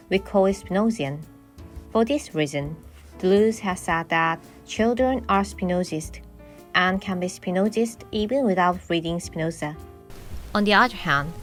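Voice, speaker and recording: A woman reading a scripted philosophy lecture in a measured, explanatory way; her first language is Korean. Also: lowish voice. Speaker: narrator.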